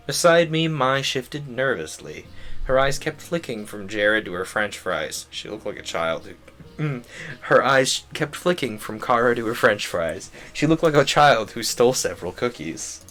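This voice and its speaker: A man's voice: mid-range voice, lively intonation, moderate pace, a bit bright. Young man, streamer, narrating visual novel, joking asides, faint music behind.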